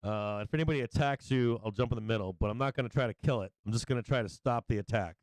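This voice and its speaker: A man's voice: medium pitch, quick pace, no echo, natural voice. A man voicing a loyal male border collie that steps into fights to stop them, in an earnest, plain way.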